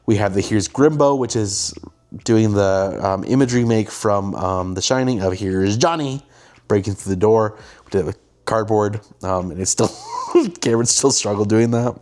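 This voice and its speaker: Animated young man telling a story. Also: lowish voice, moderate pace. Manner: animated, acts out quoted lines. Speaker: host, filmmaker. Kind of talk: casual storytelling monologue.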